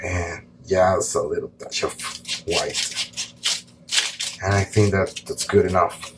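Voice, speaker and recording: A man calmly explaining a painting tutorial step by step as he works, pausing often with short fillers. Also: low-pitched, noisy background. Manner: calm, relaxed explaining while painting, with pauses and fillers. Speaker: art teacher.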